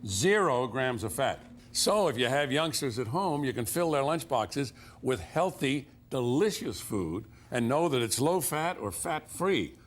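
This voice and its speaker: A man hosting a TV infomercial, demonstrating a kitchen product with an enthusiastic pitchman's delivery. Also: very animated, a little slow, hardly any pauses, slight background noise. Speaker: infomercial host. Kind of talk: scripted TV sales demonstration.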